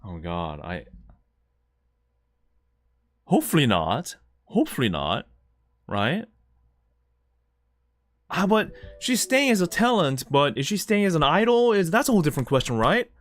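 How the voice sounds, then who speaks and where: A man's voice: fairly high pitch, huge pitch swings, measured pace, pauses often. A man streaming live, reacting emotionally and stammering as he repeats his words.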